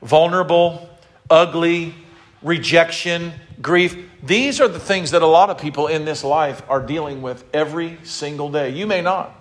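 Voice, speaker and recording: A man preaching an emotional sermon, slowly reading scripture aloud and leading the congregation in call-and-response. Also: a little high. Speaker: pastor.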